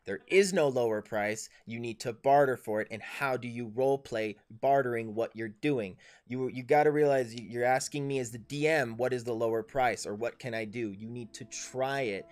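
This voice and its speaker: A man's voice: medium pitch, normal speed, few pauses, a little mellow. A man running a tabletop game as dungeon master on a livestream, coaching his players in an instructive way.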